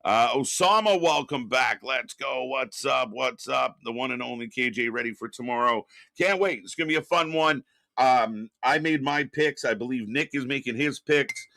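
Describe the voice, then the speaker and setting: A creaky, sharp-toned voice of medium pitch, at a moderate pace and recorded dry. The middle-aged man is streaming live from his home studio, reading chat messages out, greeting viewers, and meandering with many fillers, restarts and a bit of swearing.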